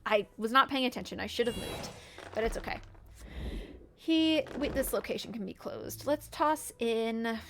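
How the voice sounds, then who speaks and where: A woman's voice: on the high side, expressive, normal speed, noisy background. A woman streamer giving casual, playful gameplay commentary, often giggling as she narrates her characters' antics.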